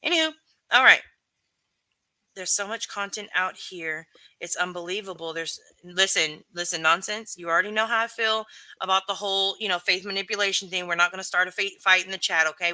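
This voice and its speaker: Bright, dry-voiced woman chatting live. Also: medium pitch, brisk, no room sound. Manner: candid, emphatic, swears freely, talks straight to chat. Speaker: live stream host reading chat. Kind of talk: casual live stream chat.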